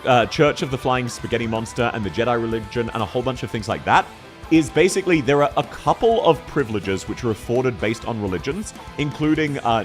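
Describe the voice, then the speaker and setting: A young man, chatting casually with his live-stream audience while gaming, rambling, swearing freely and laughing often. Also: medium pitch.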